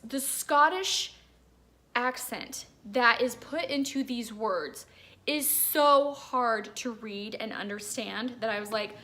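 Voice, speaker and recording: A woman's voice: a little high, takes it slowly, sharp tone. A woman in her thirties at home, chatting casually as she reviews books, rambling with lots of "like"s. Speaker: book reviewer. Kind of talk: casual chat.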